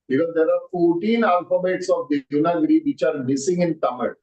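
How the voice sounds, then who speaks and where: A man's voice: on the high side, brisk, a little mellow. A man with an Indian English accent teaching a language class online, explaining patiently, repeating words and checking that everyone understands. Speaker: Sanskrit teacher. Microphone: video call. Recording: muffled lo-fi online call audio.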